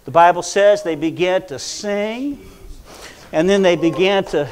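A man preaching a Pentecostal sermon in church, swinging from hushed storytelling to fervent shouting. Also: sits high, unhurried.

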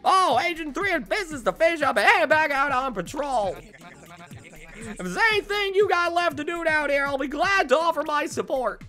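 A man's voice: extremely high pitch, expressive, moderate pace, pushed and bright, faint music behind, voice pushed up, full character voice. A man voicing a cheerful elderly male squid captain, reading the game's dialogue aloud in a jovial, rambling way. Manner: jovial, rambling, self-mocking about age.

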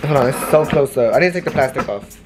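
A fast-talking young adult vlogger with a mid-range voice shows off new purchases at home. The chat is casual, rambling and animated, with faint music underneath.

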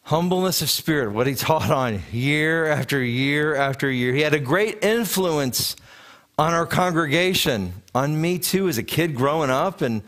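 A man's voice: fairly high pitch, unhurried. Man in his thirties preaching. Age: 30s. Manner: animated storytelling preacher with repeated restarts. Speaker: rabbi. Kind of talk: sermon. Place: congregation sanctuary.

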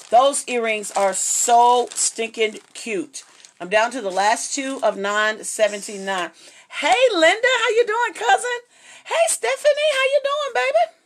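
A middle-aged woman, hosting a casual live jewelry sale and greeting viewers by name in a bubbly, chatty way. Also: on the high side. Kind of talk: casual live-stream selling.

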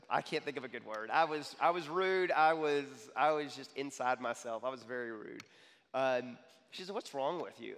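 Animated male preacher in a reverberant hall. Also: fairly high pitch. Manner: animated, repeats "okay?" to the crowd. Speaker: young adults pastor. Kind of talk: conversational sermon.

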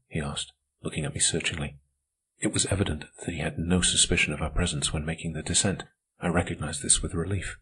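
A man reading an audiobook as narrator, in a measured, steady way. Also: sits low, slight background noise. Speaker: audiobook reader. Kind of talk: scripted narration.

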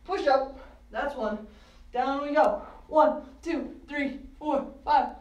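A bright, higher-voiced young woman with a New Jersey accent runs a kids' workout from her living room, counting out reps and egging everyone on. She sounds a little distant from the mic, in an echoey room. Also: takes it slowly, lo-fi sound. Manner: upbeat, counting reps and cheering kids on. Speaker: kids' fitness coach. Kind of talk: live at-home kids' workout.

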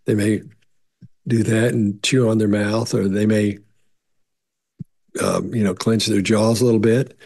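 Brief: middle-aged man, husky, lowish voice, loose rambling explainer who restarts his sentences. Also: flat delivery, unhurried, long pauses, darkish tone. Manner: rambling, repeats words, many restarts and fillers; acts out quoted voices in higher pitch. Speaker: behavior analyst answering viewer questions. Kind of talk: casual explanatory talk.

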